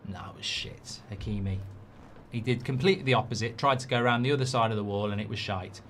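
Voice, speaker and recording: A man's voice: lowish voice, quick pace, a bit bright, slight background noise. A man hosting a live football watchalong, chatting casually and reading out viewer comments.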